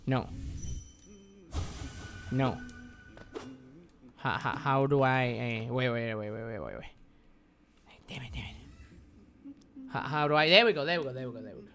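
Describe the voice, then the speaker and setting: A woman's voice: a bass voice, measured pace, pauses often, fairly bright tone, faint music behind. A woman streaming a video game with live commentary, exasperated, swearing and repeating words in bursts.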